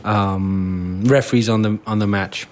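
A man co-hosting a casual radio chat, talking in a hesitant, halting way. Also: on the low side, fairly even intonation, slight background noise. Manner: hesitant, halting with fillers and restarts. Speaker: radio co-host.

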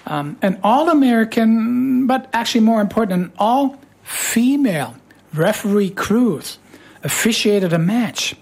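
A radio show host with a hoarse voice, chatting casually in a playful, teasing way. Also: medium pitch, lively intonation, unhurried, a little mellow.

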